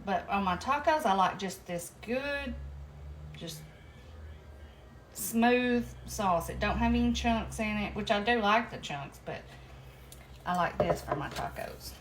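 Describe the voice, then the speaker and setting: A woman with a drawl talks easily and folksily to her viewers while she cooks in her home kitchen, calling them y'all. Her voice sits at an ordinary pitch for a woman. A faint hiss of kitchen noise runs under the recording. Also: expressive, takes it slowly, long pauses. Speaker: home cooking vlogger. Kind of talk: casual chat while cooking.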